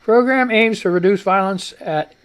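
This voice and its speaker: A man's voice: high-pitched, moderate pace, clean tone. A man hosting a live show, rambling casually with salty language and poking fun at himself, a bit short of breath. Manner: rambling, salty, self-mocking. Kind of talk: casual live-stream chat.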